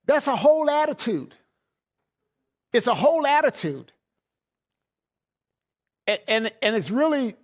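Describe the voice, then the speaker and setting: A middle-aged man preaching a sermon in a folksy way, laughing often and repeating words as he goes. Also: very high-pitched.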